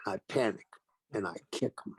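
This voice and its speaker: An older man with a gravelly, fry-edged voice tells his stories with animation, acting out what people said in each exchange. His voice sits at a middling pitch and sounds dry and close, with no room around it. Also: moderate pace, no echo. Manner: animated anecdotes with acted-out quotes. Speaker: guest, retired pro wrestler. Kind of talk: storytelling interview.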